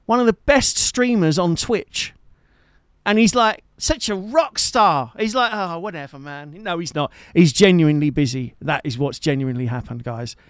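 Chatty high-voiced man streaming. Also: lively intonation, normal speed, no echo, studio quality. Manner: chatty, teasing, jokey, fond asides. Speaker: live-streaming guitarist and host. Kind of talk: casual chat to a live stream audience. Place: home streaming setup.

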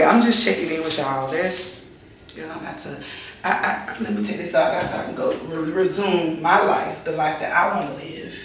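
A woman's voice: lowish voice, a bit bright, reverberant, a little hiss or hum. A woman, chatting candidly and rambling to her vlog camera in her home kitchen, swearing casually. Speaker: lifestyle vlogger.

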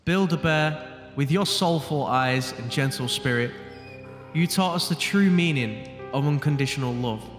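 A young man, talking slowly in a fairly high voice. His voice rings with a long echo, as if in a big reverberant room. Faint music plays behind him. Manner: reads a solemn mock eulogy, breaking into laughter. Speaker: gamer. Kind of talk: casual gaming chat and mock eulogy reading.

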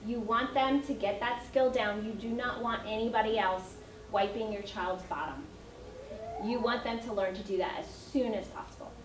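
A woman's voice: fairly high pitch, moderate pace, slight background noise. A middle-aged woman, an early childhood educator, telling potty-training stories to parents in a chatty way with laughter. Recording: echoey room, mic at a distance.

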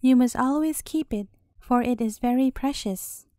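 Woman reading as a gentle mother. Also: high-pitched, normal speed, no room sound, clean studio sound, natural voice. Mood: tender.

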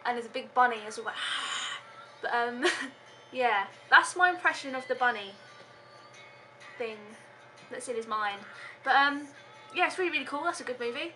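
A woman's voice: fairly high pitch, animated, normal speed, pushed and bright, soft background music. A young woman vlogging casually from home, giggling often and rambling with lots of hesitant ums.

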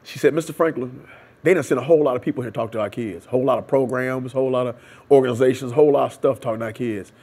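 A man's voice: mid-range voice, very fast, darkish tone, slightly rough. A man in an oral history interview, telling his story and acting out the dialogue and prayers in it. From United States. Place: seminary room.

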